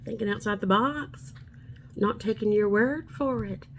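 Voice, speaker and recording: A woman's voice: mid-range voice, animated, a little fast, slight background noise. Rambling, upbeat woman in her forties. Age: 40s. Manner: chatty, rambling, upbeat and preachy. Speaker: vlogger. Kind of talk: casual talking-to-camera vlog.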